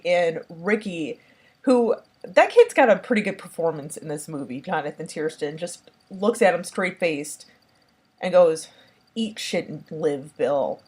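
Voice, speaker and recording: A woman reviewing a horror film in casual talk. She rambles and gushes, with constant fillers like "like" and "um". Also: lowish voice. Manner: rambling, heavy use of "like" and "um"; enthusiastic, gushing.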